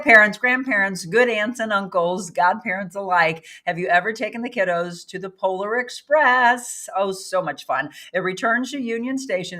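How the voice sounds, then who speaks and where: A chatty woman hosting a casual live show, running through headlines and greeting her viewers by name. Her voice is bright and forward, and her pitch sits in a middle range. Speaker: host. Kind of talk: casual live-stream news chat.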